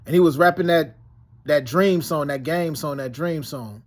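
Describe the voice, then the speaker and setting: High-voiced man rambling through a story. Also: moderate pace. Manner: meandering storytelling with many fillers and restarts; slangy, peppered with "yo" and "you know what I'm saying". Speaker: vlogger recounting dreams and past events. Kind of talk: casual rambling monologue.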